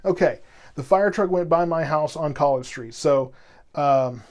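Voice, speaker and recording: Measured in pace, with a fairly high pitch and a darkish tone, the weather stream host covers severe weather live, explaining to viewers at great length. He wanders, keeps restarting, repeats points and patiently addresses chat.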